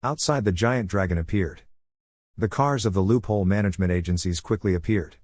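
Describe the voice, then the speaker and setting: Low-voiced man narrating a comic recap. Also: fairly quick, a little mellow, dry recording, studio quality.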